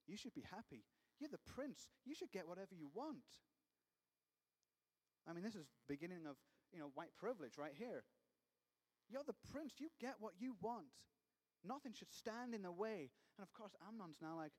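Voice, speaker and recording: A man with a high voice preaches a sermon, telling the scripture story in a chatty, conversational way. His voice rings out with the long reverb of a large hall. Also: big pitch swings, moderate pace, a little mellow, husky.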